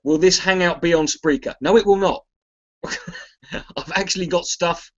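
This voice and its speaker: Sweary comedian rambling over a muffled webcam. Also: male voice, sits high, a little slow, fairly bright tone. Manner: sweary, self-mocking, reads chat aloud. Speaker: comedian hosting a charity livestream. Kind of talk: casual rambling livestream chat.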